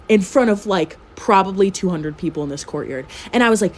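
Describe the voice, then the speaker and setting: A very tired young woman, a storytime vlogger at home with her cat, tells a messy personal story in casual chat. Her mid-range voice is lively in intonation at a normal speed with hardly any pauses, and she swears freely and laughs often.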